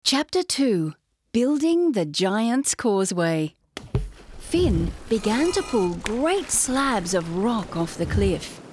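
A woman reads a children's storybook aloud at an unhurried pace, letting her pitch rise and fall expressively. Her delivery is clear and measured, and a faint hiss runs underneath the recording. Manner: slow and clearly paced, expressive. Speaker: narrator. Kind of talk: children's storybook read-along.

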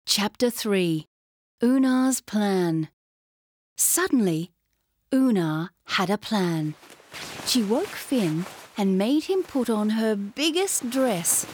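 A woman narrating a children's read-along storybook, with clear, expressive delivery. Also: mid-range voice, slight background noise. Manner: slow and clearly paced, expressive.

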